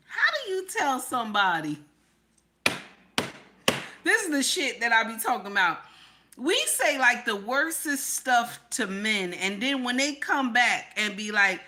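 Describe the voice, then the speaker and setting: A woman's voice: mid-range voice, expressive, normal speed, pushed and bright. A woman giving blunt, emphatic reaction commentary, often repeating "Okay?" for emphasis.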